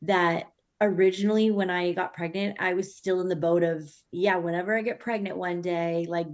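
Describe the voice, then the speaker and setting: Young mom rambling casually, lots of "like", slightly low voice. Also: female voice, steady tone, moderate pace. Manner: chatty, lots of fillers like "like" and "honestly". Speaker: guest, mother of three. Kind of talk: casual conversation.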